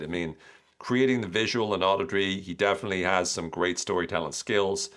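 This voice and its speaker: An Irish man hosting an analytical commentary podcast, reading out quotes and explaining them, often dropping into quiet asides. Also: sits low, fairly quick. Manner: explanatory, reads quotes aloud then breaks them down. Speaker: podcast host.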